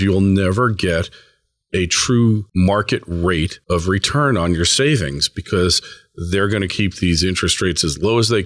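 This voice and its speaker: A man's voice: low-pitched, no room sound, studio quality. A man hosting a casual interview, talking in an emphatic, conversational way. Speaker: host.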